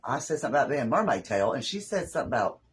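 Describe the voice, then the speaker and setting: A woman with a Southern US accent hosts a laid-back craft live stream from her home craft room, chatting with viewers in a rambling way. Her voice is bass-deep, sing-song, racing and slightly rough, and the recording quality is low.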